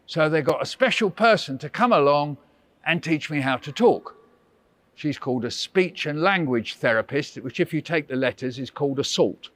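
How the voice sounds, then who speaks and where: A man's voice: fairly high pitch, animated, unhurried, fairly bright tone, no echo. A man, a visiting author, running a playful storytelling workshop for children and coaxing them with questions.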